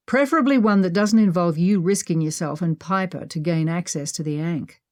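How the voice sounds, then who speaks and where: A woman's voice: on the low side, normal speed, darkish tone, no echo, natural voice. A woman voicing Henry, a teasing wry adventurer. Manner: dry, teasing.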